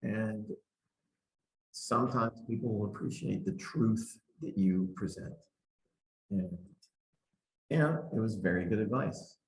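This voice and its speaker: A man who is a guest author, telling animated anecdotes in an interview and acting out the dialogue. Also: lowish voice, a little slow, pauses often. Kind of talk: storytelling in an interview. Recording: roomy echo.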